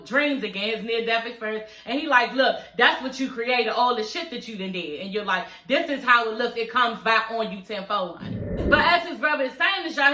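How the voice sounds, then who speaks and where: A young woman, casually recapping a TV episode and acting out the characters' lines as she goes. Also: a little high. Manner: animated, acts out characters' lines while retelling. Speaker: TV episode reviewer. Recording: echoey room.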